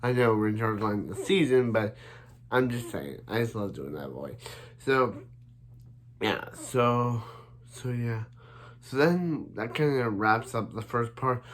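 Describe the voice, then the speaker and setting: A man's voice: mid-range voice, measured pace. A man recapping an anime episode in casual chat, rambling with many restarts and repeated fillers. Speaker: anime reviewer.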